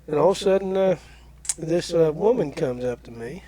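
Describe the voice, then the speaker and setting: A man's voice: on the high side, animated, normal speed, mellow. A man hosting a podcast, telling a long story in a rambling, folksy way. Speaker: podcast host. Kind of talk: casual chat, anecdote telling.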